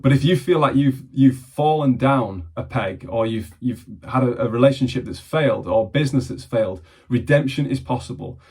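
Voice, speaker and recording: Earnest husky man talking to camera. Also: mid-range voice, moderate pace, hardly any pauses, darkish tone. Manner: earnest, repeats words as he restarts phrases. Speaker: mentor and vlogger. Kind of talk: reflective talk to camera.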